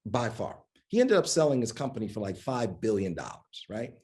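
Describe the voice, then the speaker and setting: A man's voice: fairly low pitch, normal speed. A man as a guest in a live conversation, telling stories animatedly and acting out other people's lines. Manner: acts out quoted voices, lively and emphatic. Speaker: guest, media executive. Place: event hall on stage.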